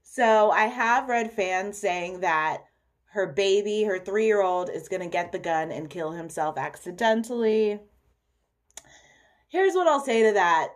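A woman's voice: mid-range voice, expressive, measured pace. Chatty woman hosting a solo podcast. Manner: chatty, candid, self-deprecating. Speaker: podcast host. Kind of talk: casual solo podcast chat.

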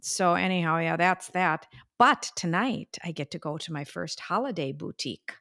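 An older woman co-hosting a podcast, chatting casually and telling stories with drawn-out fillers and sighs. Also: on the low side, expressive, creaky, sharp tone. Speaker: podcast co-host. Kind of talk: casual chat.

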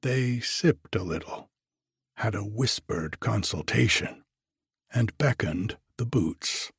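A man reading a story aloud in a measured audiobook narration. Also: lowish voice, animated, a bit bright, no room sound, clean studio sound. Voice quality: husky.

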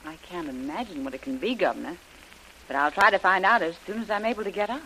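An actor playing a recovering young adventurer, eager and quick to interrupt, in a hissy old radio drama. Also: male voice, sits high. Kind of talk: 1930s radio drama acting.

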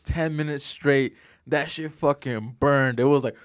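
A man's voice: mid-range voice, steady tone, smooth, no room sound, clean studio sound. Young man chiming in with slangy jokes. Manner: quick joking interjections, slangy. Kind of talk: casual chat.

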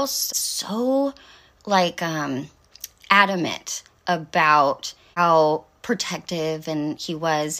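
A middle-aged woman rants through a story with a low-pitched but sharp, forceful voice. She swears freely and drifts through fillers and asides, sarcastic all the way. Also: husky. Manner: profane, sarcastic, rambling with many fillers. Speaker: vlog host. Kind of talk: casual storytelling rant.

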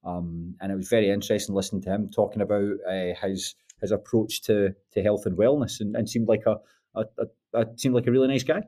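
A man co-hosting a casual podcast, talking haltingly with many restarts. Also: lowish voice, fairly even intonation, mellow. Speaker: podcast co-host.

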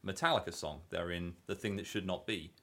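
A man who is a guest and friend of the band, chatting casually on a podcast in a relaxed, hesitant way. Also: low voice, brisk. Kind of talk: casual chat.

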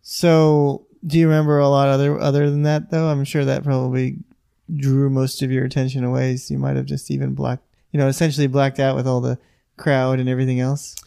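A man's voice: mid-range voice, completely flat delivery, a little fast, vocal fry, warm tone, smooth. A man co-hosting a podcast who teases his co-host and laughs along while asking follow-up questions. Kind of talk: casual chat.

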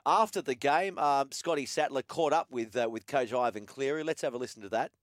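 An Australian-accented man hosts a talkback radio show, speaking briskly in a mid-range voice. He's chatty and laid-back as he puts questions to callers and his co-host, on a dry, studio-quality recording.

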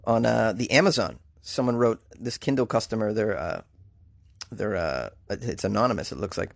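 A male podcast host talking in a loose, rambling way, full of fillers and shout-outs to listeners. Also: lowish voice, expressive, normal speed, creaky, no echo. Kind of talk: casual podcast chat.

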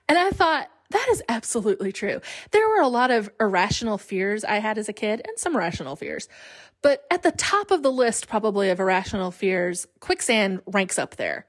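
A woman in her forties hosting a solo podcast, chatting in an animated way and laughing often. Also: medium pitch, normal speed. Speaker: podcast host.

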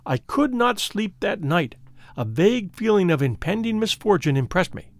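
A man reading the part of a frightened young woman who recounts her twin sister's death, in an earnest, measured storybook telling. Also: sits high, big pitch swings, no echo. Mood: fearful. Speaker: audiobook reader.

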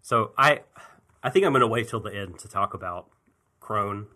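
A man hosting a casual chat podcast, keeping the recap moving between jokes. His voice is very bright and sharp, set a little low. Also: expressive, moderate pace. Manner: joking, steering the recap.

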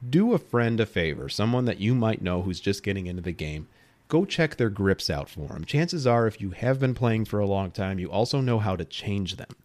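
A man in his late thirties hosting a podcast, talking straight to his listeners in an emphatic, persuasive way. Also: lowish voice. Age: 30s. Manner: emphatic, animated, addresses listeners directly. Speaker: podcast host. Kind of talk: solo podcast talk.

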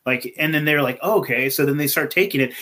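A man with a bright, forceful voice that sits a little high. He rambles excitably through casual podcast chat and swears constantly. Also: fast. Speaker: podcast co-host.

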